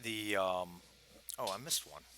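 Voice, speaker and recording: A man narrating a tabletop roleplaying game as game master, speaking in halting bursts with many fillers. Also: low-pitched, animated, sharp tone, a little hiss or hum.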